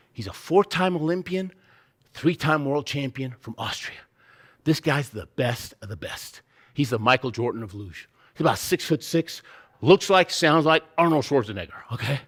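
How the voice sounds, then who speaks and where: A man's voice: medium pitch, animated, normal speed, fairly bright tone. A man giving a motivational keynote, telling a vivid, dramatic story with sound effects and emphatic rhetorical questions. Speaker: keynote speaker.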